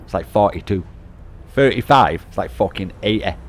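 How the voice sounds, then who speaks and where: A man's voice: deep voice, animated, normal speed, a little hiss or hum. A middle-aged British man chatting casually on a game stream, swearing and laughing a lot. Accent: British English. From United Kingdom. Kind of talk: casual live-stream chat.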